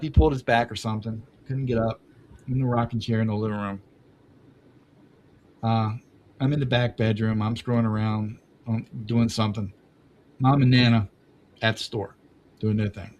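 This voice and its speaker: A man's voice: medium pitch, fairly even intonation, normal speed, long pauses, darkish tone, slight background noise. A man telling rambling family stories on a podcast, laughing often at himself. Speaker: podcast guest. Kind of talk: casual storytelling.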